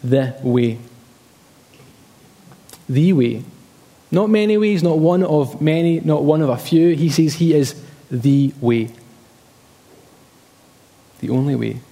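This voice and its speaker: Guy preaching, mellow voice a bit high, long echo in the hall. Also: a little slow, vocal fry, long pauses. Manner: emphatic, repeats key phrases, personal anecdotes. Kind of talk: sermon.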